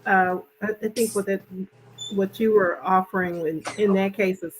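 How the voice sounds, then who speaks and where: A woman chatting on a livestream, speaking gently and sympathetically, with soft laughs. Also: mid-range voice, steady tone, normal speed, crowd noise, poor audio. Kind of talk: casual chat on a livestream.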